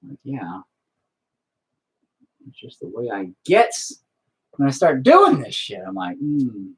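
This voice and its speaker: A man's voice: medium pitch, wildly swooping pitch, slow pace, husky. A young man chatting casually while he paints, self-deprecating and swearing constantly as he talks to his painting. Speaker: painting video host.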